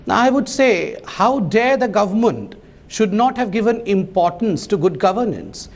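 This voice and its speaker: A man's voice: high-pitched, very animated, moderate pace. A man, a party spokesman arguing his side emphatically in a TV debate. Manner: emphatic, defensive. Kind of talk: political debate.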